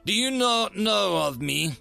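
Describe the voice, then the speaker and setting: A man's voice: a little high, expressive, unhurried, vocal fry, bright, forceful tone, faint music behind, full character voice. A man voicing an arrogant, large, fanged alien noble warrior who sneers and snarls his taunts. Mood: sneering.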